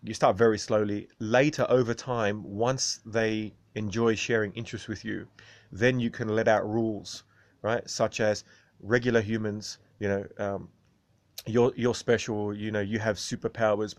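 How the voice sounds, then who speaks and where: A man's voice: lowish voice, level tone, normal speed, no echo. A man hosting a casual video monologue, rambling and tagging sentences with "right?". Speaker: video host.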